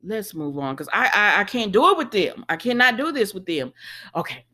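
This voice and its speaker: A woman's voice: mid-range voice, normal speed, a little hiss or hum. A woman casually recapping a soap opera episode, paraphrasing the characters and reacting with exclamations while talking to her viewers. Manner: animated, exclaims, paraphrases dialogue, addresses viewers as y'all. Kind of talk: casual chat.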